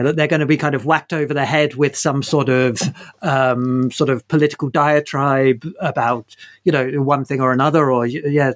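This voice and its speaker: A man interviews novelists, hedging his questions with fillers and restarting his sentences. His voice sits a bit high for a man. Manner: hesitant, full of fillers and restarts. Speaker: interviewer host. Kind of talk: book interview.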